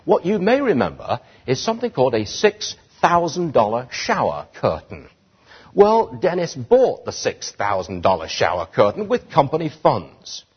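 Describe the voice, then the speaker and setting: A man with a British accent giving an animated public speech to an audience, building to indignant emphasis. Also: medium pitch, breathy edge. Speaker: speaker addressing an audience. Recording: dull lo-fi sound.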